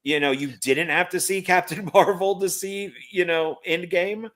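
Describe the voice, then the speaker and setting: A man's voice: high-pitched, steady tone, normal speed, a bit bright. A man co-hosting a casual movie chat, easygoing and hesitant, with frequent fillers. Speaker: co-host.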